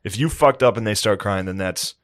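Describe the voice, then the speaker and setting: Low-voiced podcast guy, crude jokey banter, dry close sound. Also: fairly quick, no echo. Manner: crude, joking banter with sudden shouted bits. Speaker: podcast co-host. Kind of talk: casual comedic chat.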